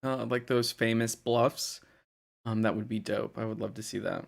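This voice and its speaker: A man's voice: lowish voice, flat delivery, normal speed, vocal fry. A young man from the United States, chatting casually on a live stream, answering chat comments and rambling with lots of fillers and laughs.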